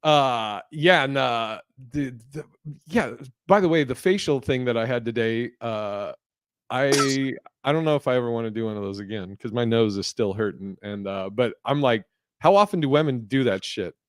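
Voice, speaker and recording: A man's voice: medium pitch, normal speed, clean tone, no echo. A man hosting a podcast in loose, profane casual chat, laughing as he tells stories. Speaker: podcast host.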